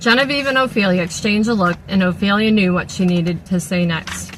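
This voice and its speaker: A woman reading a novel aloud at an even, steady pace, with a few small restarts. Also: on the low side, moderate pace, slight background noise, low-quality recording. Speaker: audiobook reader.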